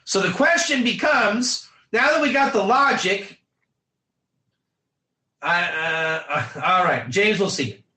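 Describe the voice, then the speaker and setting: A man's voice: high voice, lively intonation, slow pace, long pauses, bright, forceful tone, echoey room, rough recording. A man, a rabbi, teaching an online class, acting out little scenes and calling on students to type their answers. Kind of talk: lively online Torah class.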